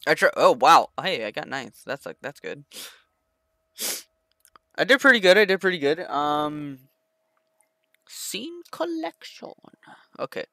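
Excitable young male gaming streamer. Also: on the high side, normal speed, pauses often, dry recording, clean studio sound. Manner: excitable, rambling, talks to viewers. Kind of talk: live gameplay commentary.

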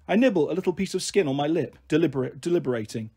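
A man narrating a children's novel in a gentle first-person storytelling manner. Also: a little high, fast, few pauses, slightly rough. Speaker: story reader.

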